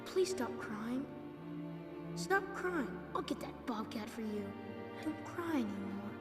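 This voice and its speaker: A woman voicing a small boy who softly pleads with a crying girl to stop crying, in an animated film. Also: fairly high pitch, slow. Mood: comforting. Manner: soft, pleading. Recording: far-off echoey voice under loud music.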